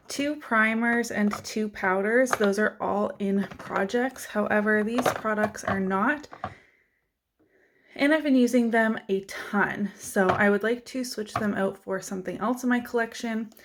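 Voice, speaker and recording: Chatty woman beauty vlogger. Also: medium pitch. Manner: chatty, self-deprecating, laughs often. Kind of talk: casual chat.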